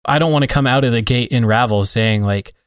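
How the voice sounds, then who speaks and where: A man's voice: mid-range voice, brisk, clear, resonant tone, no echo, studio quality. A man co-hosting a podcast, talking in a reflective, rambling way full of fillers. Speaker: podcast co-host. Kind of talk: casual conversation.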